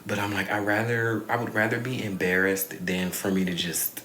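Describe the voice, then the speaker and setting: A man's voice: fairly low pitch, little pitch movement, normal speed, bright, forceful tone, a little hiss or hum. A young man talking candidly in a rambling confessional vlog, swearing freely and sighing often. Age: young adult. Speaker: vlogger. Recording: echoey room.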